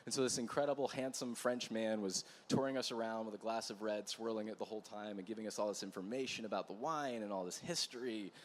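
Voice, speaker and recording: A male pastor with a slightly low voice tells a story from the pulpit, chatty and animated, stopping for asides to the room. A faint wash of background noise sits under his voice. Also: quick pace, few pauses. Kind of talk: storytelling sermon. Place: church gathering.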